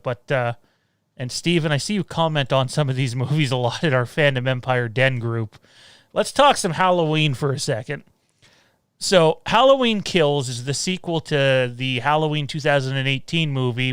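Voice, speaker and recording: A man's voice: medium pitch, a bit bright, clean tone, no echo, studio quality. A man hosting a podcast panel, leading the talk and putting questions to the others. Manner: leads the discussion, asks questions. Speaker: podcast host. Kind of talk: casual panel chat.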